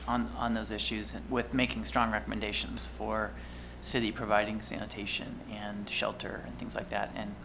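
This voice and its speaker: Male board member, gravelly mid-pitched voice, casual add-on comments, audible background noise. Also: flat delivery, moderate pace, hardly any pauses. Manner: informal, adding on with ums. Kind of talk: comments at a public board meeting. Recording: meeting recording with background noise.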